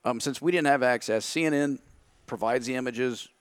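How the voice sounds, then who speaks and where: A man's voice: medium pitch, moderate pace, clean tone, dry recording, clean studio sound. A man, a podcast guest, telling his side of a story candidly and acting out his own thoughts in quotes.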